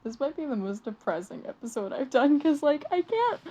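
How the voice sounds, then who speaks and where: A woman's voice: high voice, sing-song, warm tone, slight background noise. Weary, swearing woman reading aloud. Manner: halting, swearing, rambling, stumbles over words. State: weary and deflated. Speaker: channel host reading a manga aloud. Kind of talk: casual reading with reactions.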